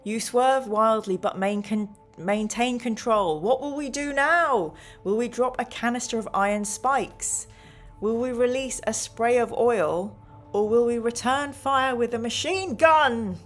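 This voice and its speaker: A woman's voice: a little high, unhurried. A woman hosting a live gamebook play-through, reading passages aloud and counting the chat's votes in a chatty way. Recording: faint music behind.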